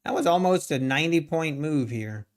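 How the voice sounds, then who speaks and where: A man's voice: a little high, animated, moderate pace. A man with a Pennsylvania Dutch accent, a native speaker of that dialect, hosting a live day-trading stream and joking casually with his viewers. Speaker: day trading livestream host.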